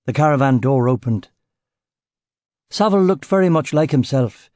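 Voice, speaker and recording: A man's voice: mid-range voice, lively intonation, normal speed, long pauses, mellow, no room sound, studio quality. A man reading a first-person detective novel aloud in clipped, terse phrases. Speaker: audiobook narrator.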